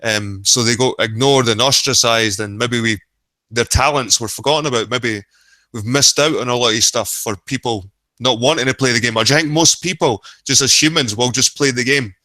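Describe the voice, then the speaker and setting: A man's voice: medium pitch, normal speed, pushed and bright, dry recording. A man hosting a casual chat, asking loose, rambling questions. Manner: chatty, loose, trailing sentences. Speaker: host.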